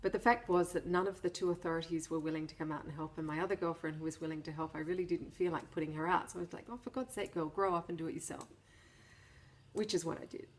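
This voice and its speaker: A middle-aged woman tells a story to camera in a relaxed, chatty way. Her voice sits a little low, and she laughs at herself and restarts her phrases as she goes. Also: racing, hardly any pauses, a little hiss or hum. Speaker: vlogger.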